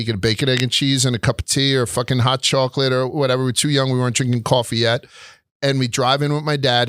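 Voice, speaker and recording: A young adult man hosts a casual talk show and tells his stories with lively energy, swearing freely as he rants. His voice sits at a mid pitch and is recorded dry and close. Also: clean tone, no echo. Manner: animated storytelling with frequent swearing. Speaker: host. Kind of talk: casual chat.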